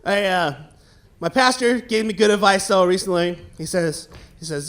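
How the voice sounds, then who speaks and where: High, lively-voiced male stand-up comic. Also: moderate pace. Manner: animated storytelling, jumps into shouted quotes. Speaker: stand-up comedian. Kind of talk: stand-up comedy set. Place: comedy stage before a live audience.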